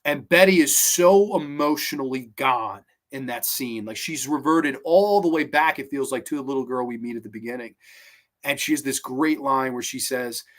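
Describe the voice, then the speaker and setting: An enthusiastic man talks through a film review in a loose, rambling way. His voice sits at an ordinary middle pitch as he hosts the show. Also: normal speed, a bit bright. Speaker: podcast host.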